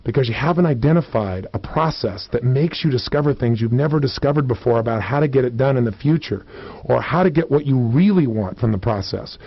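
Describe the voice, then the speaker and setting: Energetic motivational speaker, lively pitch. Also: male voice, a little fast, husky, no echo. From United States. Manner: energetic, acts out quoted voices with big pitch swings. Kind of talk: recorded self-help seminar. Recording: dull lo-fi audio, dry.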